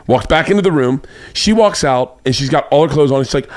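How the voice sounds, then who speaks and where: A man's voice: on the high side, expressive, a little fast, no room sound. A man hosting a podcast, telling a long rambling anecdote in casual chat and acting out the quotes in a raised voice. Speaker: podcast host. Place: home studio room.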